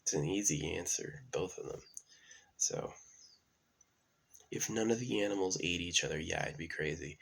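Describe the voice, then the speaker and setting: A man's voice: sits low, moderate pace, gravelly, long pauses, fairly bright tone, slightly rough. A man talking in a casual, meandering monologue with many fillers and restarts. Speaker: channel host.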